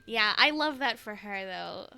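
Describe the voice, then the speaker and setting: A woman's voice: medium pitch, animated, unhurried, creaky, pushed and bright, faint music behind. A woman streamer chatting casually with a friend, rambling and giggly as she recaps a game's story. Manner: giggly, rambling, swears freely. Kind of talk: casual let's-play chat.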